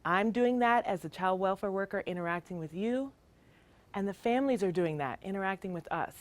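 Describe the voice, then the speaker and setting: A woman's voice: medium pitch, lively intonation, a little fast. A middle-aged woman giving a child welfare training talk, earnest and emphatic in a conversational way.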